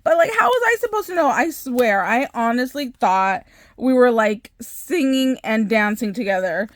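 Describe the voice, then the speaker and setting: A woman hosting a craft channel, telling a story in a chatty, animated way with frequent laughs and filler words. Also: a little high, normal speed, no room sound. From Southern California. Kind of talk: casual storytelling vlog.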